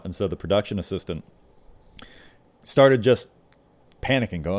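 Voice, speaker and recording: Man telling stories in a low voice. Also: a little fast. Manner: relaxed storytelling, retelling anecdotes with quoted voices. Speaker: podcast co-host. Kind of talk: casual chat.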